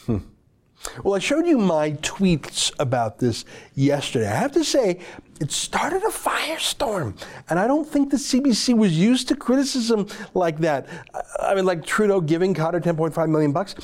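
A male commentary host gives a heated opinion monologue. He is sarcastic and emphatic, and his slightly high voice rises and falls dramatically. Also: sing-song, moderate pace, a little mellow.

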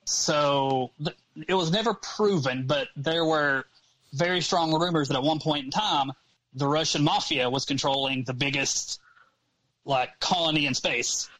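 A man's voice: a little high, a little slow, fairly bright tone, no echo, low-quality recording. A man who is a guest on a podcast, easygoing and chatty, with many ums as he explains things. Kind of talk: casual podcast chat.

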